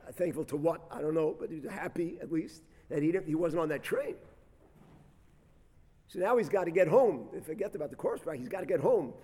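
A man preaching as a rabbi, telling a story with dramatic swings between loud bursts and soft, quiet reflection. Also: on the high side, lively intonation, brisk, slightly rough. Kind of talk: sermon storytelling. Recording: long hall reverb.

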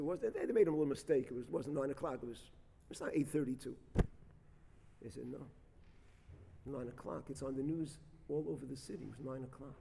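Brief: gravelly, slightly high male preacher, animated storytelling sermon, long hall reverb. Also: fairly quick. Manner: animated storyteller, rising loud for drama and dropping soft for reflection. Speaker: rabbi.

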